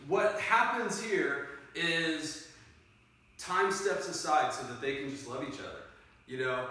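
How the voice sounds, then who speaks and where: A man teaching a play scene to a class, telling it in an animated way and directing the readers. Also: fairly high pitch. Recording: echoey room, mic far off.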